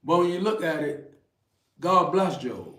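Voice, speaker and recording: A man's voice: on the high side, expressive, measured pace, bright, forceful tone, recorded from a distance. A man co-hosting a card reading stream, earnestly retelling a scripture story as a spiritual message. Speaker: card reader, co-host. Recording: roomy, off-mic with faint noise.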